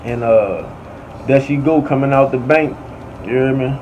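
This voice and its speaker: A man's voice: mid-range voice, moderate pace, a little mellow. Man, New Orleans accent, slangy storytelling, dull audio, faint AC hum. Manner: slangy, keeps saying "you hear me". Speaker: podcast storyteller. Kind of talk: casual storytelling.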